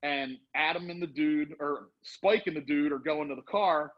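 Middle-aged male storyteller, husky, rambling and animated, muffled lo-fi audio. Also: fairly high pitch, normal speed. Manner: rambling, animated, acts out quotes. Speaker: storyteller guest. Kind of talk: casual storytelling. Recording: dull lo-fi sound.

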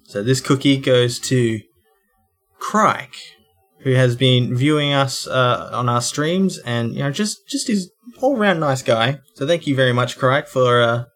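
A man's voice: mid-range voice, lively intonation, measured pace, a bit bright. A man co-hosting a podcast in casual chat, laid-back with short quips. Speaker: podcast co-host.

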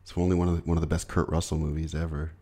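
A man's voice: a bass voice, level tone, very fast, warm tone. A man co-hosting a casual podcast chat, profane, laughing and easily exasperated. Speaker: podcast co-host.

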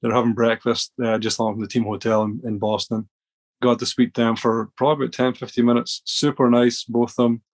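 A man's voice: medium pitch, flat delivery, fairly quick. Chatty man, rambling stories. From Scotland. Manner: rambling, many restarts and fillers. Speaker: podcast guest. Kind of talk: casual storytelling.

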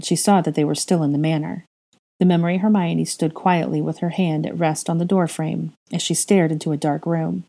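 Low-voiced woman reading a story aloud. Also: vocal fry, mellow. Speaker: reader of fan fiction. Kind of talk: audiobook-style story reading.

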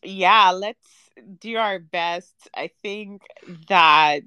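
A woman's voice: mid-range voice, extremely slow, pushed and bright, smooth, dry recording, muffled recording. A woman in a casual film-review chat, talking in a dry, unimpressed way with frequent ums. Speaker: podcast panelist.

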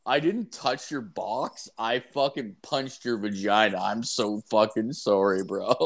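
A man's voice: on the low side, unhurried, gravelly. Young man telling crude stories, swearing. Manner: crude storytelling, heavy swearing and filler. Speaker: podcast co-host. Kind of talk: casual podcast chat.

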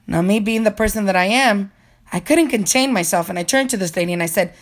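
A woman's voice: medium pitch, quick pace. A woman narrating a personal story in an earnest, reflective way, as a motivational speaker.

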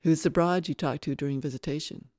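A narrator voicing a big, menacing male jail inmate who speaks in low, threatening taunts. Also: fairly even intonation, brisk, a little mellow, no room sound, clean studio sound, lightly acted. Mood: taunting.

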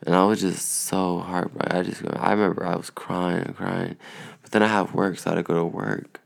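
A man's voice: sits low, little pitch movement, fairly quick, creaky. A young man in casual, rambling vlog chat, laid-back and profane, sounding tired. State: tired, yawning. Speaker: vlogger.

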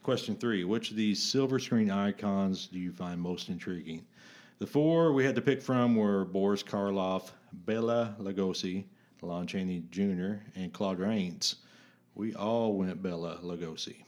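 A man's voice: low-pitched, unhurried, darkish tone. A man co-hosting a podcast, reading a magazine quiz aloud in a playful, joking way. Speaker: podcast co-host.

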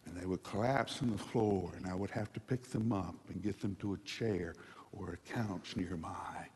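A man preaching a sermon dramatically, moving between hushed passages and loud ones, in a large hall. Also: deep voice, normal speed, husky. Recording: long hall reverb.

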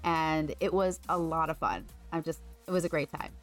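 A woman's voice: deep voice, normal speed, faint music behind. A woman co-hosting a podcast in casual chat, upbeat and chatty with many fillers. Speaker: podcast co-host.

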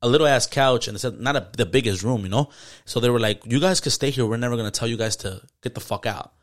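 Man, rapid casual storytelling, lots of swearing, mid pitch. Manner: storytelling with heavy swearing and slang. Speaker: podcast co-host. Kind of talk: casual chat.

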